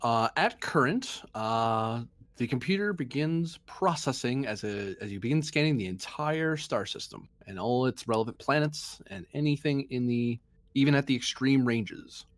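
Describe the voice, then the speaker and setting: A man's voice: medium pitch, moderate pace, dry recording. A man playing a tabletop game, describing his actions with hesitant fillers. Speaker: player. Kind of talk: casual game chat.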